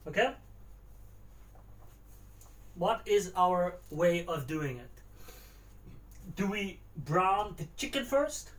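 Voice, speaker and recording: A man running a cooking livestream, chatting casually, answering his chat and musing aloud as he works in a kitchen. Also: sits high. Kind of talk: casual live-stream chat while cooking. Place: home kitchen.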